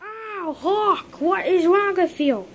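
A woman voicing a panicked, injured hero who yells frantically for help while role-playing game characters. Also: slow, noisy background. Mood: frantic, pained. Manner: shrill, frantic yelling.

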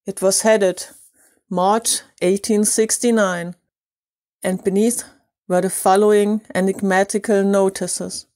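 Non-native woman reader with a German accent; smooth, unhurried narration, dry close sound. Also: mid-range voice, flat delivery, a little mellow, no echo. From Bavaria, Germany. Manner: slow, careful reading. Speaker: audiobook reader. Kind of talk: audiobook narration.

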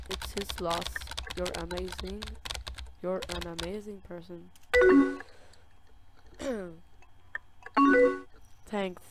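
A woman playing a game on camera, reading its chat messages aloud in a slow, drawn-out way and reacting with soft sympathy. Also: lowish voice. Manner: reads dialogue slowly, with soft sympathetic reactions. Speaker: gaming video creator. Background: loud game music and keyboard typing.

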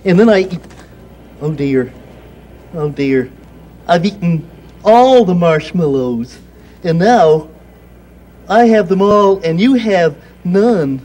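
A man performing a big, gentle, childlike bird puppet, speaking in a halting, stammering way, in a 1960s children's TV scene. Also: sits high, expressive, a little hiss or hum, pitched above the performer's own voice. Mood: puzzled.

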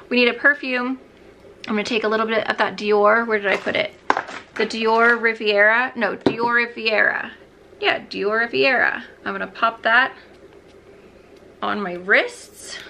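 A woman's voice: medium pitch, bright, forceful tone, slight background noise. A young woman vlogging as she gets ready, chatting in a bubbly, rambling way and talking to herself as she goes. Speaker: beauty vlogger. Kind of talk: chatty get-ready-with-me vlog.

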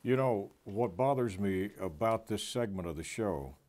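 A man's voice: lowish voice, expressive, unhurried, a little mellow. A man co-hosting a talk show, speaking in a reflective, musing way. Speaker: co-host.

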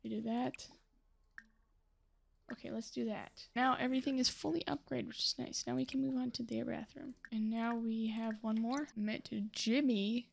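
Gravelly young woman chatting through a game. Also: on the high side, fairly even intonation, normal speed. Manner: chatty, talks to the game characters, scolds them. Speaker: gaming channel host. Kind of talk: casual gameplay commentary.

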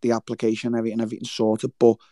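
Male guest, warm low tone, animated and profane, dry close sound. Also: rapid-fire, no echo. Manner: swears freely, animated storytelling with quoted voices. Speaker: guest fighter. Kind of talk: casual interview chat. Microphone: remote livestream call.

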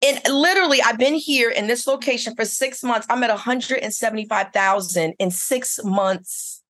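A woman's voice: fairly high pitch, moderate pace, fairly bright tone. A middle-aged woman who owns a spa, telling her story in a casual interview with eager, rambling restarts. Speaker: spa owner and esthetician.

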